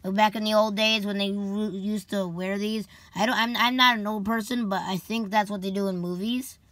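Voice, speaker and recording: A young woman reading a children's book aloud slowly, stumbling over names and dropping sarcastic asides. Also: mid-range voice, fairly even intonation, fairly bright tone, dry recording. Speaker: storybook reader.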